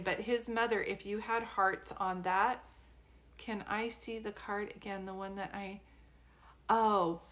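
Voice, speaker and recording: A woman's voice: medium pitch, a bit bright. Chatty woman psychic on a live stream. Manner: chatty and giggly, talks straight to viewers. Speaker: psychic medium. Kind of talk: casual live-stream reading.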